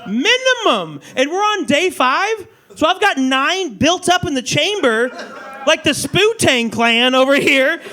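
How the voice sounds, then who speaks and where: A man performing a stand-up comedy set on a club stage, telling crude stories in a loud, animated way. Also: extremely high pitch, measured pace, a faint crowd. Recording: live club audience laughter.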